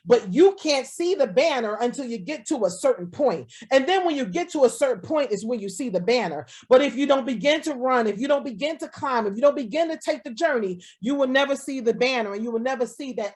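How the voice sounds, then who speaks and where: A woman pastor preaching a sermon over a video call, repeating lines and speaking as God in the first person. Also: on the high side.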